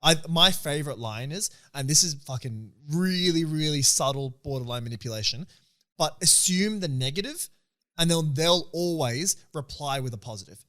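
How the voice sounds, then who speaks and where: A young man in his twenties, co-hosting a casual podcast chat and asking questions in a relaxed way. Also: on the high side, normal speed. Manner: relaxed, chatty, asks questions. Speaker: podcast co-host.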